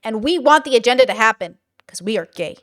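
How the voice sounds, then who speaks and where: A woman's voice: a little high, lively intonation, fast talker, a bit bright. A young woman doing reaction commentary on her channel, blunt, sarcastic and swearing freely. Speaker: YouTube commentator.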